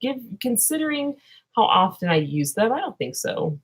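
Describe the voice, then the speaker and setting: A woman's voice: fairly high pitch, very animated, normal speed, breathy edge. A woman streaming live, chatting with viewers in a scatterbrained, silly way and breaking into improvised songs. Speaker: livestream host answering chat. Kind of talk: rambling livestream chat with improvised singing.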